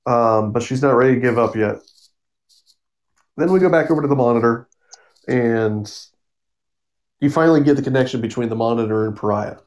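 A man's voice: mid-range voice, a little fast, long pauses. Casual man recapping a comic book. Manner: rambling summary with fillers and laughs, acting out quotes. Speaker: podcast co-host.

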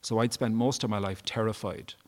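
Low-voiced man telling a story. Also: steady tone, fairly quick. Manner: candid, emotional, swears freely. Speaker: interview guest. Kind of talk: personal storytelling. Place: live event before an audience.

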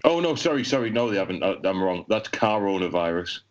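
A man, a podcast co-host telling crude jokes in casual banter with a deadpan delivery. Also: low voice, brisk, slight background noise. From England. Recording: dull lo-fi sound.

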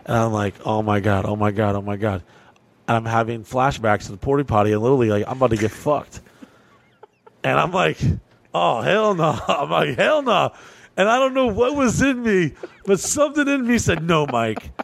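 A man from Kentucky hosting a podcast, telling a story in a profane, animated way, full of "like" fillers. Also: medium pitch, fairly quick, creaky. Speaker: podcast host. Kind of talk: casual storytelling.

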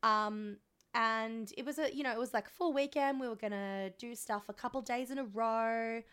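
A woman's voice: fairly high pitch, moderate pace, a bit bright, clear, resonant tone. A young woman co-hosting a podcast in casual chat, laughing often and swearing freely. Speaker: podcast co-host.

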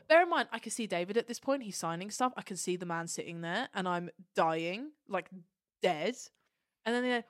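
A woman co-hosting a fan podcast, telling a long story in a gushing, animated way and swearing casually. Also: mid-range voice, a little fast, no echo, clean studio sound. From Turkish heritage. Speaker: podcast co-host. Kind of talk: casual chat.

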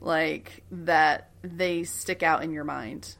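A woman co-hosting a casual podcast, excitable and quick to laugh, swearing casually as she chats. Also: low voice, gravelly. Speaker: podcast co-host.

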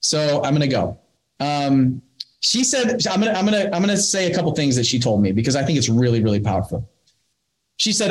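A man's voice: fairly high pitch, a little fast, rough recording. Male host, thirties, upbeat and repetitive, lightly raised voice. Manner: energetic, rambling and repetitive, with animated retold quotes. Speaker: host of an online coaching call. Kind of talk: motivational talk to a live online audience.

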